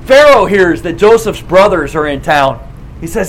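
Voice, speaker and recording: High-voiced man preaching in casual storytelling. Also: a little hiss or hum, poor audio. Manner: animated, casual retelling with quick acted quotes. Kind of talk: storytelling sermon.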